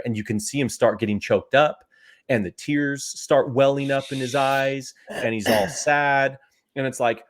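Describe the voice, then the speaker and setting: A man in his forties, a podcast co-host and father, telling a story in an animated, exasperated way. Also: mid-range voice. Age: 40s. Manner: animated, exasperated storyteller, talks fast in bursts. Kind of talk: casual storytelling chat.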